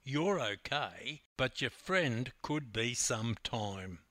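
A man's voice: mid-range voice, animated, takes it slowly, a bit bright, no echo. An older man voicing a stern, irritated male customs officer who talks curtly. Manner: curt, snapping, stiff.

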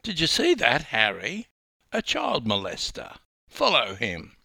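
An older man voicing a fussy, alarmed elderly woman tourist who gives orders in a shrill voice. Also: huge pitch swings, unhurried, gravelly, pushed and bright, slightly rough, no echo, heavily acted. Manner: shrill, bossy.

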